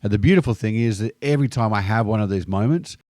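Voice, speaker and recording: A man with an Australian accent telling stories to camera in a lively, slang-filled monologue. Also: lowish voice, fast talker, no echo, studio quality. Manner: lively anecdotal delivery sprinkled with slang. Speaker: video host. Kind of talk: scripted storytelling monologue.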